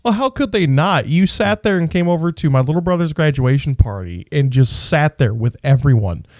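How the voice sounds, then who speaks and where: Male co-host, animated storyteller with a lively voice, dry close sound. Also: fairly high pitch, normal speed, no room sound. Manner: animated storytelling, swears freely. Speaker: podcast co-host. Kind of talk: casual podcast chat.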